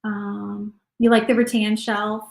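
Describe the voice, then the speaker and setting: A woman's voice: mid-range voice, flat delivery, takes it slowly, creaky, reverberant, rough recording. A woman, hosting a crafting livestream and chatting casually as she paints. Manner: chatty, thinks aloud while painting. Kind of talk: casual live crafting chat.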